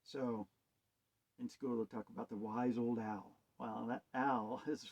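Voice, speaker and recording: His voice is medium in pitch, a little mellow and flat, and he speaks unhurriedly. This self-styled preacher rambles hesitantly over wordplay and scripture, asking rhetorical questions as he muses, on a dull lo-fi recording.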